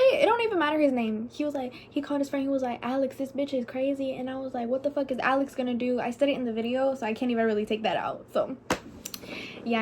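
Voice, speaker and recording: A woman's voice: high voice, darkish tone, a little hiss or hum. A young woman vlogger telling a personal story in a chatty, casual way, swearing freely and saying "like" a lot. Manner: chatty and profane, heavy use of "like".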